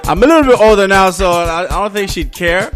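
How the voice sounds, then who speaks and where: A man's voice: high-pitched, lively intonation, fairly quick, soft background music. A man co-hosting a casual radio talk show, playful and jokey as he tells stories. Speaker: co-host.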